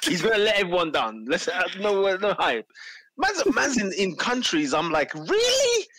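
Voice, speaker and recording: A man, co-hosting a casual sports chat, animated and laughing often. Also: high-pitched, normal speed, no room sound. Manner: animated, laughing, London slang. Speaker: podcast co-host.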